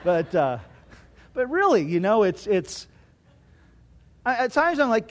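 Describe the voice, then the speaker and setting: Male pastor, middle-aged, light high voice, chatty self-deprecating sermon delivery. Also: big pitch swings, a little slow. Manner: conversational, self-deprecating, frequent "you know".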